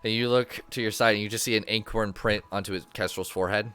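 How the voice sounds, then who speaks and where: A man's voice: lowish voice, fairly even intonation, fast, fairly bright tone, clean tone, faint music behind. A man running a tabletop game as game master, narrating in an easygoing, playful way.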